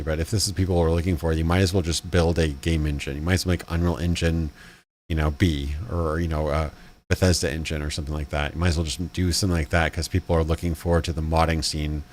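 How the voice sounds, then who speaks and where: A man's voice: a bass voice, fairly even intonation, fast, a little mellow, slight background noise. A man hosting a casual live commentary stream, rambling with fillers and restarts. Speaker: channel host.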